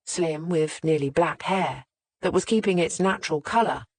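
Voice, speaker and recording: Audiobook narrator, mid-pitched, measured scripted reading, close dry mic. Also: no echo.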